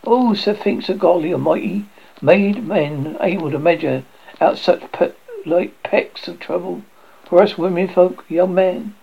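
Man putting on a grieving old servant woman, gravelly and accusing, lo-fi audio, horror story reading. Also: sits high, unhurried, pitched above the performer's own voice, heavily acted. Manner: accusing, rustic country speech.

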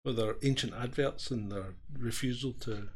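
A man co-hosting a live stream, chatting casually with dry, grumbling deadpan remarks. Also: medium pitch, moderate pace, slightly rough. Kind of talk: casual chat.

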